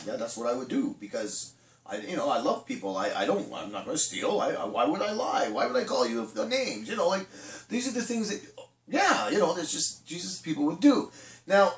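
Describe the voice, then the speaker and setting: A middle-aged man leading a casual children's church talk, chatty with restarts and acted-out quotes. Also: sits high. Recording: echoey room, from a distance.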